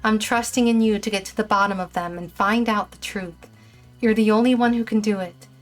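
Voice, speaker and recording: A woman voicing a mysterious ghost mentor from a video game, speaking in a calm, measured, instructive way. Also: mid-range voice, soft background music, close to an everyday voice. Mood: calm guiding.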